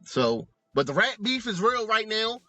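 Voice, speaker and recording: A man co-hosting a comedy podcast, talking in an animated, profane, joking way. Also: high voice, unhurried, dry recording, dull audio. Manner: animated, profane, joking, does mock voices in asides. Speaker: podcast co-host. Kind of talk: casual comedic commentary. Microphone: remote recording, close mic.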